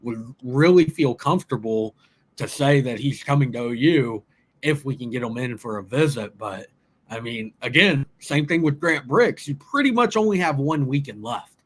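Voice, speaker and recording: A young man from talks college football recruiting in an easygoing, rambling way. He often restarts his sentences and leans on fillers. His colors a voice of middling pitch. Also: animated, moderate pace, slightly rough. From Oklahoma. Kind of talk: casual sports chat.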